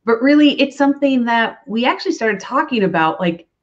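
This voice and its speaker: A woman's voice: fairly high pitch, expressive, a little fast, highs cut off. A woman from Minnesota, a guest in a casual live-stream chat, cheerful and friendly. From Minnesota, USA. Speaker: guest, food safety coach.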